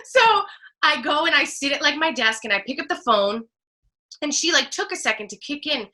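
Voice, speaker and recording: A woman from New Jersey, a guest telling an animated personal story, laughing often and acting out what people said. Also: high-pitched, brisk. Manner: expressive, laughs often, acts out quotes. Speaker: guest, speaker.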